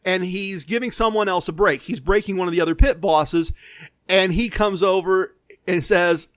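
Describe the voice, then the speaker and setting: Podcast guy with a high voice telling a story, kinda animated, stammers a bit, dry mic. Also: moderate pace, no echo. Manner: animated, quotes others in voices, stammers when excited. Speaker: podcast host. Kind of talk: casual storytelling.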